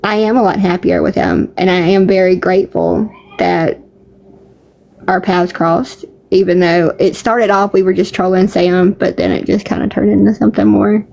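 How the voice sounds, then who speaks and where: A woman's voice: medium pitch, normal speed, vocal fry, a little mellow, low-quality recording. Woman on a tiktok live, loose rambling chat, lots of likes, laughs a bunch. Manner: chatty, laughs often, many fillers. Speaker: live stream participant. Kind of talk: casual chat.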